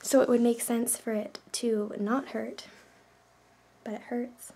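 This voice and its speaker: A woman's voice: on the high side, steady tone, takes it slowly, mellow, slightly rough. A woman from Canada, chatting casually in a vlog, rambling with lots of fillers. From Canada, New Brunswick. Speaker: vlogger.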